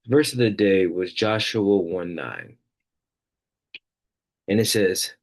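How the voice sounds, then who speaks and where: Earnest low-voiced man telling a faith story. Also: animated, takes it slowly, pauses often. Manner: rambling, filler-heavy, earnest. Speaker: podcast host. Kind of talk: casual faith podcast storytelling.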